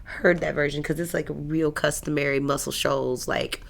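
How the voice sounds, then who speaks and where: A woman musician, a guest in an interview, telling stories in a lively, animated way. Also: deep voice, normal speed, gravelly. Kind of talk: casual interview storytelling.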